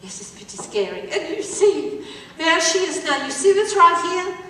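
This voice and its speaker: A bright-voiced woman storyteller with a high, lively voice, performing for a live crowd. She drags out her phrases and pauses to quiz her listeners. She is picked up from far off in a large, echoing hall. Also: a little hiss or hum. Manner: dramatic, drawn-out, quizzing listeners. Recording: echoey hall recorded from far off.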